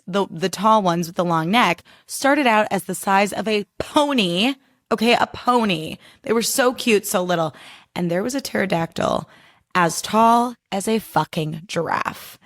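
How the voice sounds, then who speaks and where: A woman hosting her podcast in a casual pop culture chat, animated, profane and full of "like" and "okay?". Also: medium pitch. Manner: animated storyteller. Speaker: podcast host.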